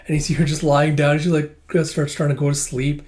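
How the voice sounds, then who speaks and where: A man's voice: a little high, level tone, brisk, a little mellow. A man casually recapping a comic book, loose and chatty, with filler words and restarts.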